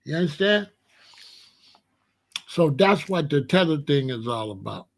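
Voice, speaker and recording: A man's voice: fairly high pitch, very animated, measured pace, creaky. A man from Chicago hosting a blunt, profane commentary rant. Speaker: host.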